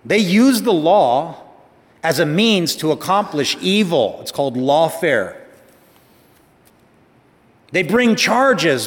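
A male pastor delivering a sermon in a church sanctuary. His voice sits a little high and grows louder and higher when he presses a point. His pace shifts often. A long hall reverb trails every phrase. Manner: emphatic, shifting pace, rising for emphasis.

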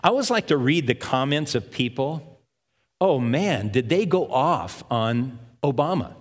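Older male preacher, slow, in a reverberant hall. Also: mid-range voice, lively intonation. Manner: unhurried Bible teaching, reading verses aloud. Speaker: pastor. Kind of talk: sermon.

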